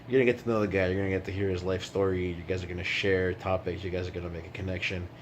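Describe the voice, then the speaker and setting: A man's voice: low voice, little pitch movement, very fast, noisy background. A man chatting casually in a vlog, rambling and swearing freely, indoors at night while away on a work trip. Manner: rambling and profane. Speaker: vlogger.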